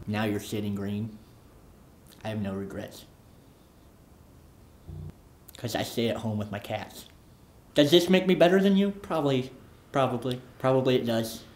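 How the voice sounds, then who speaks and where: A performer voicing a boastful oddball man who wants to be a leprechaun, in a comedy sketch monologue, lurching from manic shouts to low mutters. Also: lively intonation, brisk, lightly acted. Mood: muttering. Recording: roomy echo.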